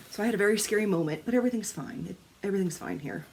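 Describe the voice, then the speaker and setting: A woman's voice: medium pitch, fast, hardly any pauses, slight background noise. A woman, chatting casually to camera as a crafting vlogger, telling stories with laughs, swearing and acted-out quotes. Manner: animated storytelling, swearing, laughing, acting out quotes.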